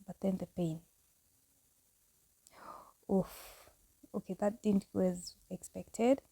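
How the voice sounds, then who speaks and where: A woman's voice: mid-range voice, fairly even intonation, normal speed, vocal fry, mellow, breathy edge, no room sound. A woman vlogging a casual home tutorial, chatty and candid, laughing at herself as she goes. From Kenya.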